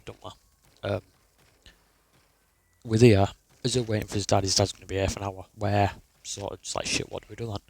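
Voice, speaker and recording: A man's voice: fairly low pitch, gravelly, poor audio. A young man, telling a rambling, sweary personal story in a casual way. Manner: rambling, sweary, restarts a lot.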